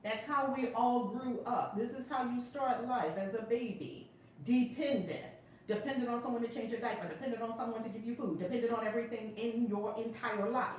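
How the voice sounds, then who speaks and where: A woman's voice: fairly high pitch, fairly quick. A woman hosting a live-streamed class as a spiritual teacher, exuberantly greeting viewers by name and then teaching, stressing key words. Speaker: spiritual teacher and channel host. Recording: echoey room, far from the mic, faint noise.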